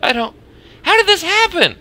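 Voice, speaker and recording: A man voicing a grieving young mother in a high, pleading falsetto, reading a game's story aloud. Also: very animated, measured pace, sharp tone, exaggerated voice. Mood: distraught.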